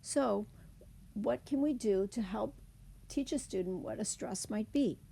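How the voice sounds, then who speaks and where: A woman teaching a slide presentation lesson, explaining slowly and carefully. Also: mid-range voice, gravelly, warm tone, slightly rough. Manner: slow, careful, deliberate explanation.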